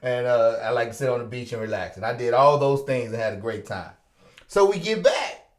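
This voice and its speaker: A man hosting a podcast, telling a story with lively energy, acting out the dialogue and laughing often. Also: mid-range voice, a little fast. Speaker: podcast host. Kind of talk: animated storytelling chat. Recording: roomy echoey room.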